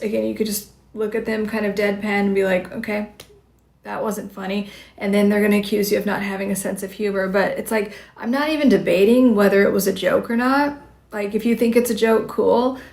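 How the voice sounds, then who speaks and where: A woman's voice: medium pitch, fairly even intonation, a little fast, vocal fry, darkish tone. A woman psychology coach giving direct, conversational advice on a livestream, with many casual fillers. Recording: roomy echo.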